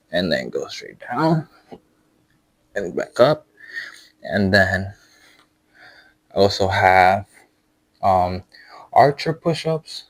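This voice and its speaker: A man's voice: on the low side, no room sound. A young man demonstrating a calisthenics workout and explaining each move, out of breath from exercising, with many fillers and restarts. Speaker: fitness vlogger.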